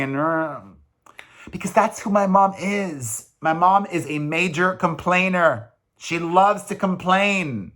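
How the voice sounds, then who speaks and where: A man's voice: fairly high pitch, measured pace, a bit bright. A man in his forties, a single father, rambling in a casual, emphatic confessional vlog.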